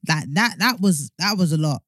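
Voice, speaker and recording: A woman's voice: on the low side, animated, moderate pace, dry recording. Female co-host, blunt and profane, dry close mic. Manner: blunt, swears, loud when riled. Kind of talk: casual chat.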